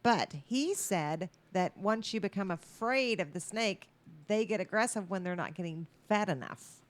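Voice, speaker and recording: A woman's voice: mid-range voice, lively intonation, moderate pace. A woman co-hosting a casual podcast, chattily retelling a news article. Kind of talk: casual chat.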